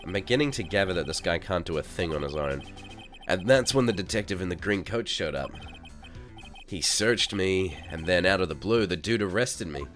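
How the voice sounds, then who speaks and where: A man's voice: low voice, animated, moderate pace, fairly bright tone, faint music behind. A man voicing a laid-back, vain male TV star in a game reading, with a drawling surfer-dude way of talking. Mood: dismissive.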